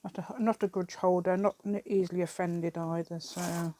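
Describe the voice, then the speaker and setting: A woman's voice: lowish voice, flat delivery, moderate pace, dark tone, a little hiss or hum. A woman chatting casually while she crafts at an outdoor table, rambling along with self-deprecating asides. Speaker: craft vlogger. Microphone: camera set on the table.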